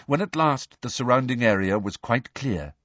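A man reading a novel aloud as an audiobook narrator, measured and even. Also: medium pitch, dry recording, highs cut off.

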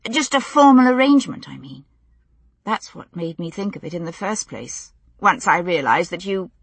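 A woman's voice: on the low side, expressive, gravelly, slightly rough, no room sound, heavily acted. Woman voicing a blunt, earnest young woman. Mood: earnest, halting. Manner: earnest, halting, blurting.

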